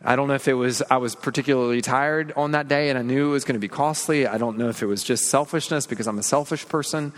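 A man's voice: mid-range voice, fast talker, hardly any pauses, in a large hall. A man preaching an earnest, confessional sermon, leaning on repeated phrases and rhetorical questions. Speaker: pastor.

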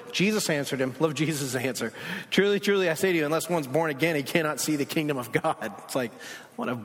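Guy preaching in a church, chatty asides, gets loud then goes real quiet, voice rings out in a big hall. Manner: casual, conversational preaching with asides; swings from loud bursts to hushed low passages. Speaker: pastor. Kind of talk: sermon. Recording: long reverb of a large hall.

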